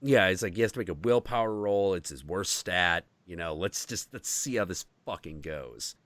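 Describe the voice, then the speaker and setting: A man hosting a podcast, telling a story in casual chat, animated and swearing freely. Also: low-pitched, normal speed, no room sound. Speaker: podcast host.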